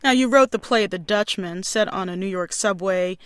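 High-voiced male radio interviewer. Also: normal speed, fairly bright tone, clean tone. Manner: scripted introductions, direct questions.

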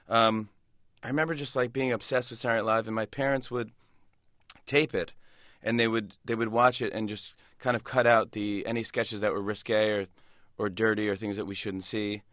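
Animated man telling stories, dry mic. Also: medium pitch, dry recording. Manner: animated, quick storyteller with restarts and laughs. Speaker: comedian and talk show host, guest. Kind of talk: casual storytelling interview.

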